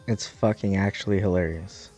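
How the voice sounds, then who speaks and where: A man's voice: low voice, steady tone, moderate pace, darkish tone, soft background music. Profane, rambling American man. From United States. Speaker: streamer. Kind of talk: casual chat while gaming.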